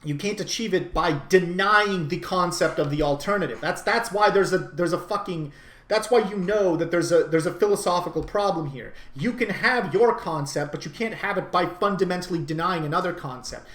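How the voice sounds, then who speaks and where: A man's voice: high-pitched, normal speed, a bit bright, echoey room. A man delivering an opinionated monologue, emphatic and insistent, often repeating and restarting phrases. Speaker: commentator. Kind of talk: unscripted monologue.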